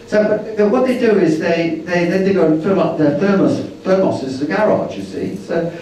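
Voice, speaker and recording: A man telling travel stories at a slide-show talk, rambling along and acting out the voices in his anecdotes. His voice is fairly high but dark and mellow. He is picked up from a distance, with a lot of echo from the hall. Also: a little fast, hardly any pauses, a little hiss or hum. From Britain. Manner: chatty and rambling, acting out quoted dialogue. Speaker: speaker at a travel meeting. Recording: roomy hall, distant mic.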